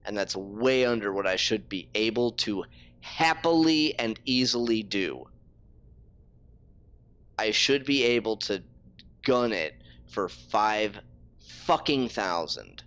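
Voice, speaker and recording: A man's voice: lowish voice, slow, long pauses, fairly bright tone, smooth. A man streaming a game live, ranting in frustration and swearing freely. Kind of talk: casual live-stream talk.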